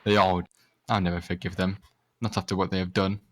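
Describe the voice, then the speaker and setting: A man's voice: low-pitched, flat delivery, a little fast, fairly bright tone. A young man reading a fanfic aloud to friends in a sarcastic, overacted way, now and then tripping over words. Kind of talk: mocking dramatic read-aloud.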